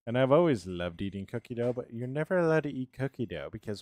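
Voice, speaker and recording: A man's voice: medium pitch, lively intonation, fast talker, a little mellow, no echo. A man chatting casually on a live game stream, rambling and answering his viewers' chat as he plays.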